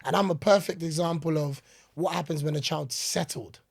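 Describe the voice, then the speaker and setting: A young man talks in a husky, slightly high voice, earnest and reflective, often pausing on fillers. The sound is dry and close. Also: no room sound. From England. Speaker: podcast guest. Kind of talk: casual podcast interview.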